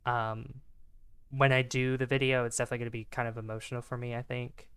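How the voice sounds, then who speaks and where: A man's voice: mid-range voice, level tone, fast talker, a bit bright, clean tone. A man casually commenting on a space game during a livestream, chatty and rambling, greeting his chat. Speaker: gaming livestreamer. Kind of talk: casual live gameplay commentary.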